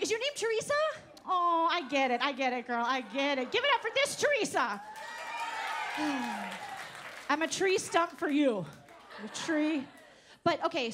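A woman's voice: high voice, background noise. A woman doing a brash, profane stand-up set at a live show, teasing the audience. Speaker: stand-up comedian. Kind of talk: stand-up set with crowd work. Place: live comedy show on stage.

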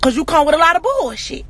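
High, bright, fiery woman ranting. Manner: profane, confrontational, repetitive rhetorical questions. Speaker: social media personality. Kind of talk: angry rant to camera.

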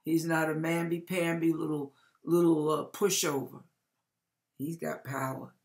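Slow, low-voiced older woman preacher. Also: flat delivery. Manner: dramatic storyteller, swings from loud outbursts to hushed lines; emphatic, folksy. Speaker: ministry preacher. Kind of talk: dramatic testimony.

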